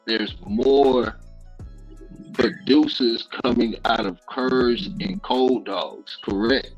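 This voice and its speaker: A man's voice: mid-range voice, breathy edge, highs cut off. A man hosting a casual livestream interview, asking careful questions and checking that he has understood correctly.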